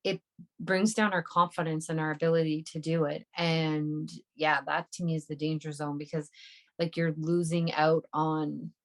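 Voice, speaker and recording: A woman co-hosting a podcast in casual, reflective chat, often filling her talk with "like". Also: deep voice. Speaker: podcast co-host.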